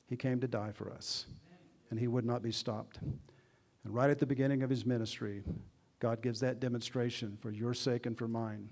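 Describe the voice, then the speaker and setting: Preaching man with loud swells. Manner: earnest preaching, asks the congregation questions; swings between loud emphasis and quiet low asides. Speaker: pastor. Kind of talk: sermon. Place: church.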